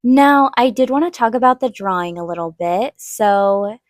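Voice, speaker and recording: A young woman hosting an art video, telling a personal story in a chatty way and acting out quotes in a higher voice. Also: expressive, moderate pace, no room sound, clean studio sound. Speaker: art channel host. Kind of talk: casual storytelling while drawing.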